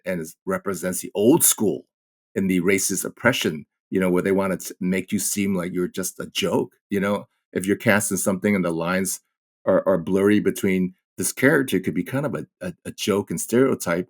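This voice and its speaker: Man, middle-aged, very low pitch, animated, candid storytelling, podcast guest. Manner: animated, acts out quoted exchanges. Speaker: guest actor.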